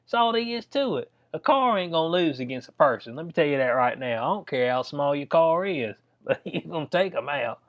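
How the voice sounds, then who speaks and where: A man's voice: fairly high pitch, lively intonation, a little fast. Slangy man ranting, lo-fi sound. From North Carolina. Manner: slangy, heated, laughing asides. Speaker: commentary vlogger. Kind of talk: casual ranting commentary. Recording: dull lo-fi sound.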